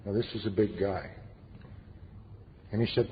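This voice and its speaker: A middle-aged man with a fairly low voice tells his story to a meeting, earnest and plain-spoken, slipping in dry humor. The sound is dull and lo-fi, with a long echo from the hall and a faint hiss underneath. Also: fairly even intonation, measured pace, pauses often. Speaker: recovery meeting speaker. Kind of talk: personal testimony talk.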